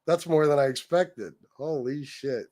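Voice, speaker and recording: A man's voice: on the high side, measured pace, darkish tone, no echo. A man hosting a livestream, ranting and mocking someone with lots of swearing and laughter. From Sicilian heritage. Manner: mocking, profane, laughing often. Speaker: livestream host.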